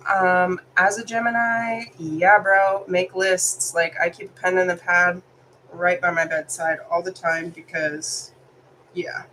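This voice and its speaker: A woman's voice: lowish voice, fairly even intonation, slow pace, bright, forceful tone, a little hiss or hum, low-quality recording. A woman who is sick, doing a live tarot reading for viewers, chatty and apologetic, reading card meanings aloud. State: sick, congested. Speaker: tarot reader.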